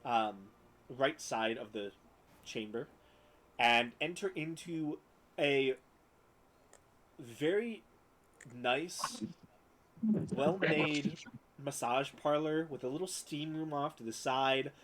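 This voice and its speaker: A man's voice: mid-range voice, slow pace, long pauses, fairly bright tone, slight background noise, low-quality recording. A man running a tabletop game as game master, narrating descriptively with many fillers.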